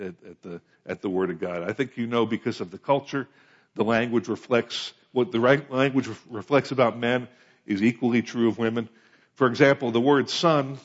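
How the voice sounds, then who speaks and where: American guy preaching a sermon, chatty, keeps asking "okay?", kinda dull lo-fi sound. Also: mid-range voice. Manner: conversational, asks the congregation questions. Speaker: pastor.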